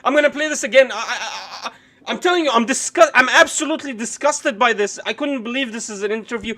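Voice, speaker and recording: A man's voice: very high voice, animated, a little fast, pushed and bright. A man live-streaming his reaction to a news clip, ranting indignantly and swearing often.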